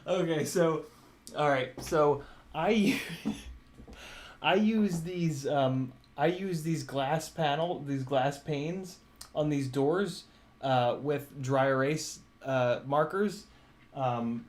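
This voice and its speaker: A man's voice: fairly high pitch, slow pace. A man chatting casually on a live Q&A stream, laughing often, swearing and scolding his cat. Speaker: drone streamer. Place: home room with glass doors.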